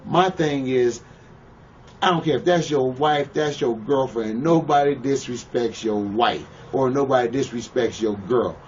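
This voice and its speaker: A man's voice: mid-range voice, a little slow. A man in a shoot interview, talking bluntly and profanely and often checking "you know what I'm saying.". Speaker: pro wrestler interviewee. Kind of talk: shoot interview, casual storytelling. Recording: muffled, distant mic with faint hiss.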